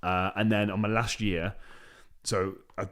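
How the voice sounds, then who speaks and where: A man in his thirties, a podcast host, telling his own story in a candid conversation with rapid, emphatic delivery and many restarts. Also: fairly low pitch, little pitch movement, fairly bright tone.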